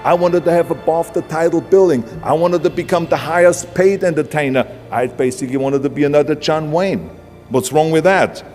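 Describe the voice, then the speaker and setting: A man's voice: fairly high pitch, brisk, a little mellow. A man with an Austrian accent giving a blunt, punchy motivational speech. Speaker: motivational speaker. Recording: long hall reverb with music beneath. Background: background music.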